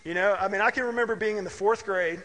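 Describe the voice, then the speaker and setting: Pastor, middle-aged man, high voice, conversational sermon in a reverberant church hall. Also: quick pace, a bit bright. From Mississippi. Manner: conversational, anecdotal, asks listeners "right?".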